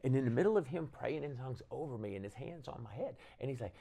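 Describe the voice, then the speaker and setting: A man telling his conversion story in casual conversation, animated and acting out the voices of people he quotes. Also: medium pitch, quick pace, creaky. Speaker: guest, band leader.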